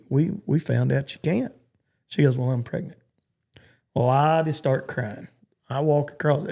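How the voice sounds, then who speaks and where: Texan guy in his 40s, gravelly voice, rambling stop-start storytelling on a podcast. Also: medium pitch, dark tone. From Texas. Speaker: guest, cowboy.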